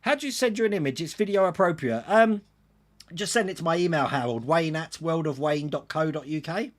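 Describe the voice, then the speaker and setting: A man's voice: on the high side, fairly quick. Chatty man hosting a livestream. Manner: chatty, reads viewer comments aloud and answers them. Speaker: livestream host answering chat. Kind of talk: casual livestream chat.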